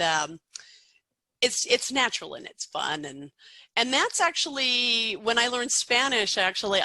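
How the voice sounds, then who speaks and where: A woman's voice: medium pitch, pushed and bright, dry recording, poor audio. A middle-aged American woman, an accent coach, explaining teaching tips in a chatty way, with frequent fillers and restarts. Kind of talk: podcast interview answer.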